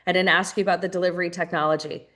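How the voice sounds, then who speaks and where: A woman's voice: lowish voice, level tone, rapid-fire, fairly bright tone. A woman leading a live online training for new team members, upbeat and direct, talking to her listeners as "you guys" and repeating phrases for emphasis.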